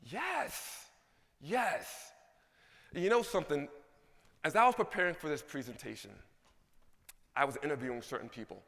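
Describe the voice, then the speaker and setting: A man giving an energetic conference keynote, asking the audience questions. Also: a little high, moderate pace, gravelly, pauses often, in a large hall. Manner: animated, asks the audience questions. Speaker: keynote speaker. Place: large conference hall.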